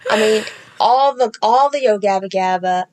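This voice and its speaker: A woman co-hosting a podcast, talking bluntly and swearing freely at a middle pitch. She is in her thirties and speaks in loose, casual chat, breaking into loud laughter. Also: moderate pace. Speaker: podcast co-host.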